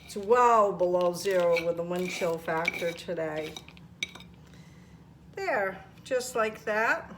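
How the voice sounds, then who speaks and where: Slow, homey older woman. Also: on the low side, expressive, background noise. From Maine. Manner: homey, chatty, talks viewers through each step. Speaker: home cooking vlogger. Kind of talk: casual cooking demonstration. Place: home kitchen.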